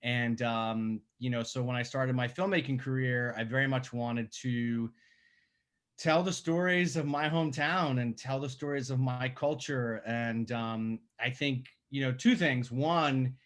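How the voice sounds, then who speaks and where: A man's voice: medium pitch, measured pace. New man, thirties, podcast guest, conversational storyteller. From Staten Island, New York. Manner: conversational, animated when telling stories. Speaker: guest filmmaker. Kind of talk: podcast interview over a call.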